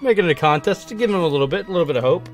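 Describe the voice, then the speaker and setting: A young man giving playful, excitable live commentary on his own video game match, trash-talking and hyping himself up. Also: sits high, very fast, faint music behind. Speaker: gaming streamer.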